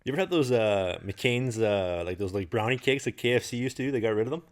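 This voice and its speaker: A man's voice: medium pitch, expressive, quick pace. A man hosting a podcast in casual chat, upbeat and digressive. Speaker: podcast host.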